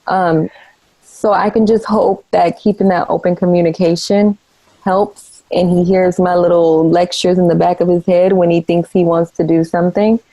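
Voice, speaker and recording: A woman's voice: lowish voice, mellow, no room sound, low-quality recording. A woman co-hosting a podcast, talking in a thoughtful, hesitant way with many fillers. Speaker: podcast co-host. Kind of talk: casual chat.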